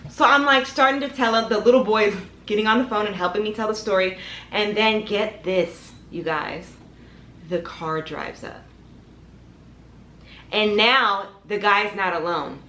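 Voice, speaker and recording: In an echoey room with slight background noise, a young woman speaks at a measured pace in a mid-range voice. Talking straight to her viewers as "y'all," she animatedly dramatizes a personal story for her storytime vlog.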